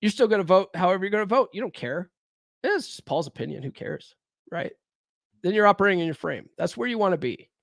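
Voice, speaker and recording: A man's voice: high voice, animated, fast, vocal fry, fairly bright tone, no room sound, studio quality. Blunt, profane man talking to listeners. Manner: blunt and profane, keeps asking "right?"; rhetorical, challenges listeners directly. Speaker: podcast host. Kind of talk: casual solo talk on dating and self-improvement.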